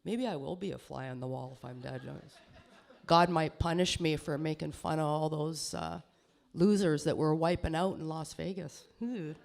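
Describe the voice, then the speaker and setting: A woman's voice: deep voice, normal speed, vocal fry, a little mellow. A middle-aged woman with a lisp doing a self-deprecating stand-up comedy set on stage, laughing at her own jokes. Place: small comedy stage before an audience.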